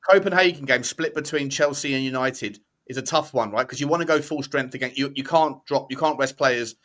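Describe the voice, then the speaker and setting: A man's voice: medium pitch, a little fast, a bit bright. A man on a fan podcast panel, rambling and correcting himself as he talks through fixtures. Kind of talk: casual football debate.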